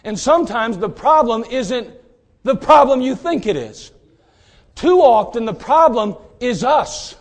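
A man preaching a sermon, dramatic, acting out scripture figures and swinging between loud and hushed delivery. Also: very high voice, very animated, unhurried.

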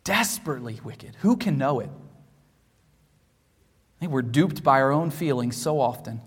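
A man preaching a sermon as pastor, emphatic and repetitive, swinging from hushed low passages to loud raised ones. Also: animated, unhurried, slightly rough. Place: church sanctuary. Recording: long hall reverb from a church.

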